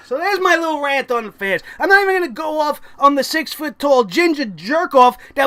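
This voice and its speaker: A man's voice: extremely high pitch, lively intonation, fairly quick, hardly any pauses, bright, forceful tone. A man reviewing a wrestling show in a profane vlog rant, swearing constantly and getting angry.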